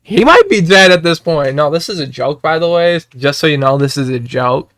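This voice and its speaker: Excitable young man ranting to chat. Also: a little high, moderate pace, no echo. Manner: excitable, repetitive, swears and shouts when worked up. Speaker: streamer. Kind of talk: casual political rant to chat.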